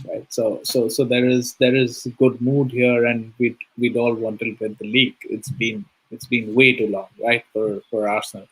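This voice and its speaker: A man on a fan podcast panel joining over a video call, talking in a measured, hesitant way with many fillers. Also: mid-range voice, a bit bright, slightly rough, poor audio. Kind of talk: casual fan podcast chat.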